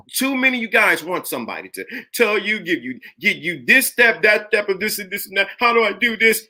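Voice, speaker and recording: A man's voice: sits high, very animated, moderate pace, sharp tone. A middle-aged man hosting a live motivational talk to viewers, preachy and emphatic, and he repeats lines to drive his point home. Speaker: live stream host.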